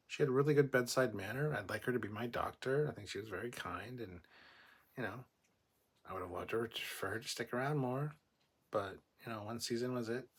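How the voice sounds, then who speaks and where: A man's voice: on the low side, a bit bright, husky. A man hosting a casual livestream, reading chat comments aloud and giving blunt, opinionated replies with plenty of swearing.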